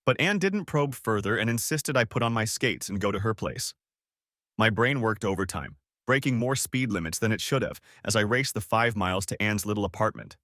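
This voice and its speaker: A man narrating a first-person audiobook story in a dramatic, animated manner. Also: fairly low pitch, brisk, dry recording, clean studio sound.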